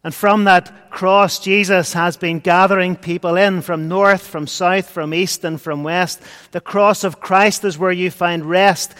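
A man preaching a sermon, earnest, swinging between loud and hushed. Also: high voice. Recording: long hall reverb.

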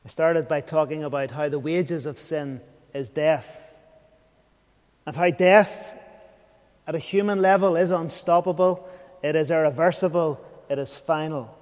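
A man delivers an evening sermon in a high, light voice, earnest and searching as he puts questions to his listeners. He sometimes sinks almost to a whisper. The sound carries a long reverb, as if from a large church hall. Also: measured pace, darkish tone. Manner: earnest, questioning, drops to a near whisper at times. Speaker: preacher.

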